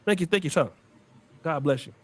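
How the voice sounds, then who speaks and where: A man's voice: lively intonation, fairly quick. A man hosting a heated livestream, preachy and confrontational. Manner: preachy, confrontational, swings pitch widely. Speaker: livestream host.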